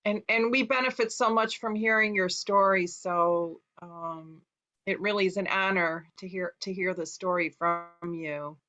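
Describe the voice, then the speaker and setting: A woman's voice: on the low side, fairly even intonation, measured pace, sharp tone, dull audio. A woman hosting a talk, graciously thanking her guest. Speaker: host.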